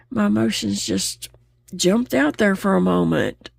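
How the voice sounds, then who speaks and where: A woman's voice: mid-range voice, unhurried, vocal fry, slight background noise. A woman chatting openly while she crochets, laughing easily as she talks. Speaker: crochet vlogger. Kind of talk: casual chat while crocheting.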